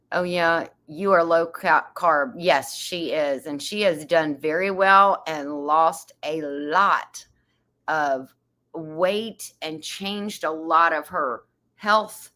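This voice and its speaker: A woman hosts a relaxed livestream, chatting and reading out viewer comments with an easy laugh. Her voice sits a little low but sounds bright and crisp, and she takes her time with an unhurried pace. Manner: chatty, laughs often, reads comments aloud. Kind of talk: casual chat.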